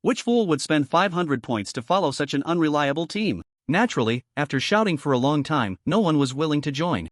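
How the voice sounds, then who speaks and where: Lively male story narrator. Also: fairly high pitch, fairly quick, hardly any pauses, no echo, clean studio sound.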